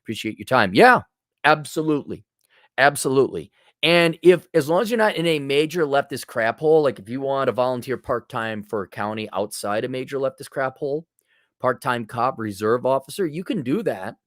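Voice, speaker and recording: A man's voice: mid-range voice, expressive, normal speed, a bit bright, dry recording. Blunt sarcastic guy doing podcast advice, dry close mic. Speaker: podcast host giving advice. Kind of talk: casual advice monologue.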